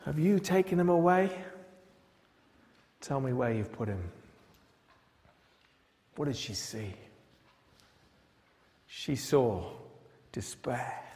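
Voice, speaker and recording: A man's voice: mid-range voice, slow pace, long pauses, a little mellow. A male pastor preaching a sermon. He retells a Bible story dramatically and asks many rhetorical questions. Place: large church. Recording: long church reverb.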